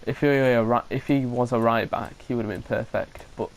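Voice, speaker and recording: A man talks through his game at a middling pitch, thinking aloud and often restarting his sentences. He coughs now and then, and a faint hum sits behind his voice. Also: fairly even intonation, brisk, gravelly, rough recording. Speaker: gaming commentator. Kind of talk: casual gameplay commentary.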